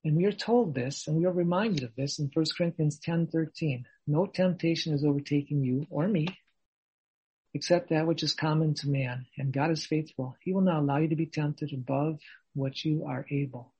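A man preaching a sermon in a measured, earnest way, posing questions to his listeners. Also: a little high, darkish tone, husky, muffled recording.

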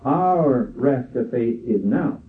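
An older man preaching a sermon in a slow, measured way, quoting scripture. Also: medium pitch, animated. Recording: tinny phone-like sound from far off.

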